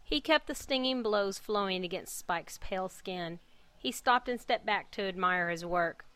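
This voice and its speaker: Bright-voiced woman reading a story. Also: on the low side. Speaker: podcast host and fanfic reader.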